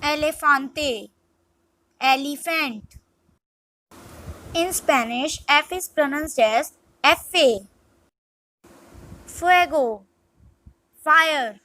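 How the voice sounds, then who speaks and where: Brief: woman tutor, high voice, very slow deliberate reading, dry close sound. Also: sharp tone, dry recording, poor audio. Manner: measured, word-by-word reading. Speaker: language teacher. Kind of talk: scripted vocabulary lesson.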